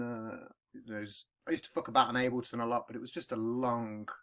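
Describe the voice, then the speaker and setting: A man with a British accent hosting a podcast, chatting casually in a rambling way and swearing freely. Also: medium pitch. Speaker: podcast host. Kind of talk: casual chat. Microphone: podcast recording.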